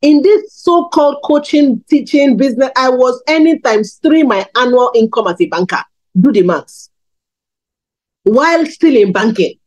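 Woman in her 30s from Nigeria, fairly high voice, candid sermon testimony, swinging pitch. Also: lively intonation, normal speed, darkish tone, rough recording. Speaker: preacher.

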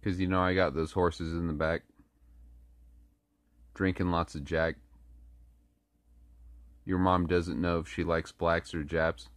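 A man's voice: low voice, flat delivery, slow pace, long pauses, no echo, pitched below the performer's own voice. A man voicing a swaggering, boastful cowboy with a put-on rural drawl.

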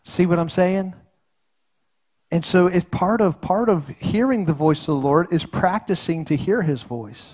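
Folksy middle-aged male pastor, slightly high voice, earnest sermon delivery with frequent restarts. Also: measured pace, a little mellow, slightly rough. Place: church sanctuary.

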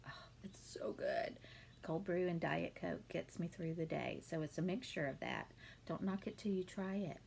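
Woman in her thirties, home vlogger, casual Q&A, gravelly fry, faint hiss behind. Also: lowish voice, normal speed. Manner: chatty, warm-hearted, many ums and laughs. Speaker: beauty vlogger answering viewer questions. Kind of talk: casual Q&A chat.

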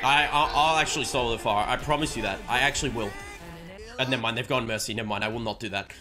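A young man giving joking, excitable gameplay commentary with sudden shouts. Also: mid-range voice, rapid-fire. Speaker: gaming streamer. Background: background music.

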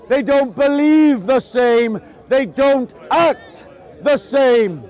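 A man preaching to a crowd in an open-air park, slow and emphatic, often raising his voice. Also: very high voice, darkish tone. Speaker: street preacher. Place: outdoor public park speaking spot. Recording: outdoors with a crowd murmuring.

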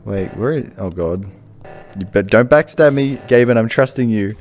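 Aussie guy joking around while gaming, bouncy up-and-down voice, mid pitch. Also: animated, moderate pace, a little mellow, faint music behind. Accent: Australian. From Australia. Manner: joking, teasing, laughs often. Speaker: gaming video host. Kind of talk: casual game banter.

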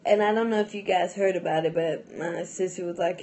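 A woman's voice: fairly low pitch, steady tone, brisk, mellow. A young adult woman vlogging in a casual, rambling chat to camera, full of fillers and restarts and often breaking into laughs.

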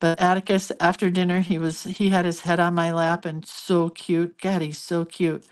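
Chatty older woman with a lowish voice. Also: flat delivery, moderate pace, clean tone. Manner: chatty and giggly, storytelling with asides. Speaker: hand-lettering artist hosting a live stream. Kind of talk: casual live-stream chat while drawing.

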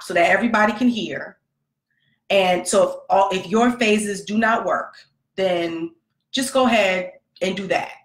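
A woman telling a long personal story about her son, talking casually and acting out the dialogue. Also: mid-range voice. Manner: animated, conversational, acts out quoted dialogue. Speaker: podcast host, mother. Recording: roomy echo.

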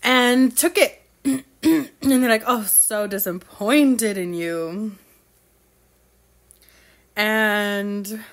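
A woman's voice: a little high, fairly bright tone. Gushing chatty young woman recapping a book. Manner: gushing and chatty, acts out characters' lines. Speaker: book club vlogger. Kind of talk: casual book recap chat.

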